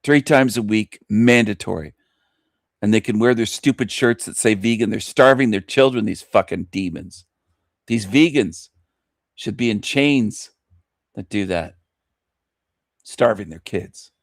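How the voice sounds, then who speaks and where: A man's voice: on the low side, a little slow, long pauses, dry recording. Man, radio host, shock-jock rant, crude, laughing, dry close sound. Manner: crude, ranting, laughs at own jokes.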